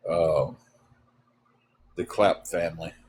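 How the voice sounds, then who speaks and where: Man, low-pitched, rambling casual livestream host. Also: steady tone, a little mellow, husky. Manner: rambling, halting, many fillers. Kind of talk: casual storytelling chat.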